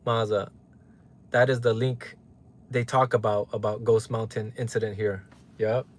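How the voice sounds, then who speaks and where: A man's voice: on the low side, level tone, measured pace. A man from Los Angeles hosting a live stream, ranting heatedly and often profanely to his chat and reading out viewers' names. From Los Angeles, United States. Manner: heated, profane, repeats "right?" for emphasis. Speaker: livestream host.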